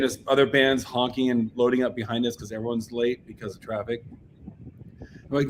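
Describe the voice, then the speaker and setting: A man from the United States, a punk band member, telling a story in a casual interview, animated and full of fillers. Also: medium pitch, brisk, a little hiss or hum. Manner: animated, acts out quoted voices, filler-heavy.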